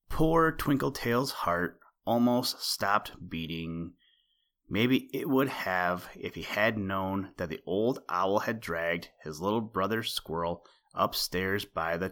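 Slow, low-voiced storybook narrator man. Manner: gentle, unhurried, with rhyming asides. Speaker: podcast story reader. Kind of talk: storybook read-aloud narration.

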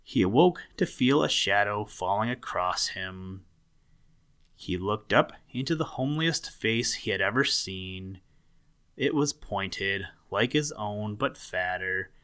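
Male storybook narrator: low-pitched, slow, gentle read-aloud with dramatic swells.

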